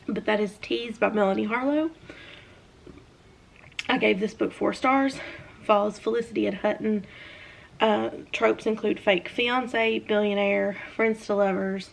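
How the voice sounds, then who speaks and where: A woman's voice: mid-range voice, vocal fry, a little hiss or hum. A young woman with a Southern US accent, chatting casually about books she has read, with lots of fillers. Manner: chatty, animated hand talker with many fillers. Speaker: book reviewer. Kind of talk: casual chat.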